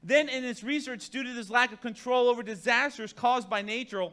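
A man preaching a sermon in a high, bright voice. He is emphatic and speaks directly to the congregation, moving between hushed, conversational asides and loud declarations. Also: fairly quick, clean tone. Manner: conversational, talks straight to the congregation. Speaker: pastor.

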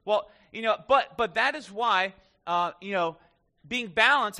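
Bright high-voiced male pastor preaching. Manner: conversational, joking asides to the congregation. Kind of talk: sermon. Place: church.

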